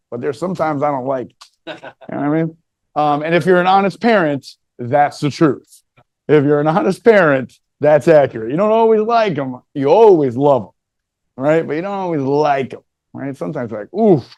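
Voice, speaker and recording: A man's voice: medium pitch, darkish tone, dry recording. A middle-aged man telling stories about his childhood in a loose, joking way, often asking "right?". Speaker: speaker telling his life story. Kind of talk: casual storytelling talk.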